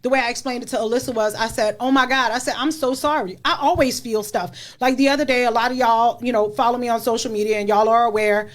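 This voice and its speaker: A woman's voice: a little high, steady tone, fast, hardly any pauses. A middle-aged woman hosting a podcast, talking frankly and candidly about being a mother, laughing often and leaning on fillers like "you know.". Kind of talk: candid casual chat.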